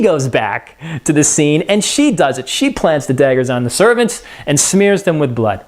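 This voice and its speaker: A man's voice: on the high side, sing-song, moderate pace, hardly any pauses. A man giving a casual, chatty lesson, retelling scenes in everyday slang. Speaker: teacher.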